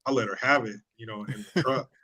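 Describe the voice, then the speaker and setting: A man's voice: mid-range voice, fast talker, sharp tone, slightly rough. A man chatting as a podcast guest, teasing and quoting himself in a raised voice. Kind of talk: casual chat.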